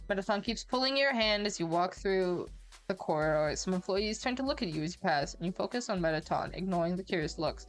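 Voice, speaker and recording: A woman's voice: lowish voice, animated, fairly quick, soft background music. A woman streamer reading an interactive story aloud, with joking asides and casual swearing.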